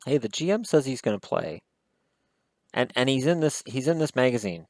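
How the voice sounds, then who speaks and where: A man's voice: medium pitch, sing-song, moderate pace, dry recording. A man giving casual solo hockey commentary in a rambling, wry way, with self-deprecating asides.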